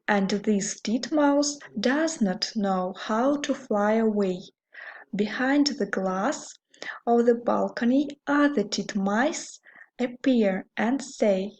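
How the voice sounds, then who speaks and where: A woman teaching English with a Russian accent, speaking slowly and carefully and repeating words for learners. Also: medium pitch, darkish tone, rough recording. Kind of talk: slow English lesson for learners.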